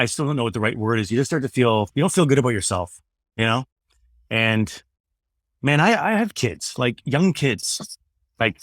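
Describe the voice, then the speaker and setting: A middle-aged Canadian man who used to host radio speaks as an interview guest, earnest and loose, sprinkling in "man" and "you know." His mid-range voice has a fairly bright tone, captured in a dry, studio-quality recording. It's a candid interview conversation.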